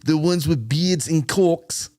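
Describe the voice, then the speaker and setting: A man's voice: a little high, mellow, pitched above the performer's own voice. A man putting on a mocking impression of a crude comedian, drawing out each sneering line. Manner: sneering, drawn-out delivery.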